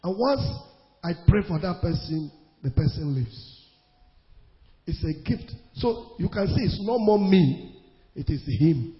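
A man with a Nigerian accent preaching a sermon as pastor, emphatic, repeating phrases and swinging between loud and hushed. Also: sits high, lively intonation, unhurried, pauses often. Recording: long hall reverb, dull lo-fi sound.

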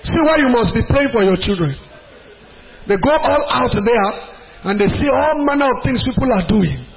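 A Nigerian man preaching a sermon as pastor, emphatic and repetitive, rising to shouts. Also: very high voice, lively intonation, normal speed, creaky. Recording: dull lo-fi recording, faint hiss.

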